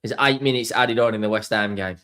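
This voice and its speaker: A young man hosting a live football watchalong, excitable and sweary, swinging between shouts and mutters. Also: fairly low pitch, fairly quick. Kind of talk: live match watchalong reaction.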